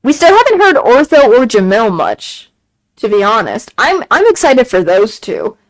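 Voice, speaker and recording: A woman streaming a game and chatting casually, gushing excitedly, repeating herself and laughing often. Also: fairly high pitch, normal speed, low-quality recording. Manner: excited gushing fan talk, frequent laughs and repeated phrases. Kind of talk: casual chat on a live stream.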